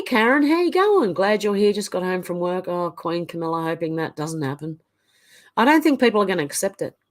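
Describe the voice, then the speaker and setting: A middle-aged Australian woman hosting a live stream, reading viewer comments aloud and reacting chattily while getting over the flu with a cough. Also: fairly low pitch. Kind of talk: casual live-chat reading.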